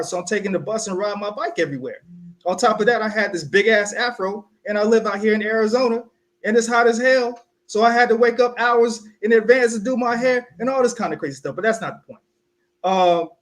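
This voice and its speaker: Animated, higher-pitched young man storytelling. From South Carolina. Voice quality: animated, acts out quoted voices. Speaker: podcast co-host. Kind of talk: casual storytelling chat.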